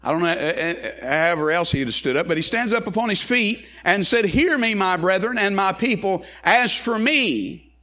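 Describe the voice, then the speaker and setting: A man's voice: sits high, expressive, normal speed, pushed and bright. A male pastor preaching a sermon, reading scripture aloud and repeating phrases in a rising and falling preaching cadence.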